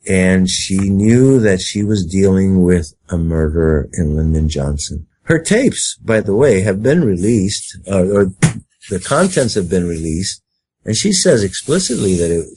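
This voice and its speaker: A man's voice: low-pitched, very animated, a little slow, a little mellow, a little hiss or hum. A man interviewed as a guest, talking at length in an emphatic, rambling way and acting out quoted speech. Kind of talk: conspiracy talk interview.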